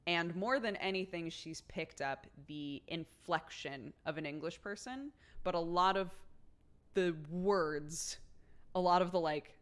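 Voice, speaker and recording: Low-voiced chatty American woman streamer. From United States. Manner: chatty, laughs often, many "like" fillers. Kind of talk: casual chat with viewers.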